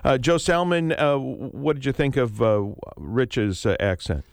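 A man's voice: medium pitch, measured pace, vocal fry, dry recording. Radio host guy, chatty and easygoing, dry studio sound, mid voice. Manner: conversational, easygoing, frequent uh fillers. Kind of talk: radio talk show hosting. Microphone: studio microphone.

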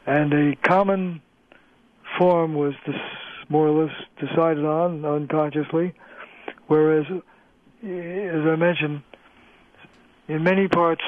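A male linguist, a guest on a radio interview, explaining in a measured way with frequent pauses over the phone. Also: on the high side, steady tone, dry recording. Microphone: telephone. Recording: tinny phone line, dry.

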